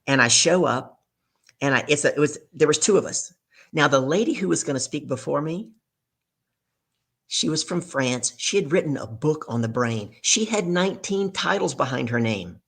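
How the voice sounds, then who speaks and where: A middle-aged woman spins an animated story during an interview. She voices the people in it as she goes. Her voice has a gravelly fry and a husky edge. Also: deep voice, moderate pace. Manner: animated storyteller acting out dialogue. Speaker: guest speaker.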